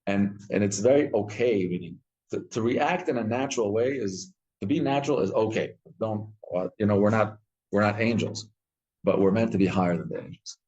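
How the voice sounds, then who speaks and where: A man teaching a Torah class, telling stories with lively acted-out quotes and frequent restarts. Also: fairly low pitch, fairly quick, lo-fi sound. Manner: animated storytelling, acts out quotes, frequent restarts.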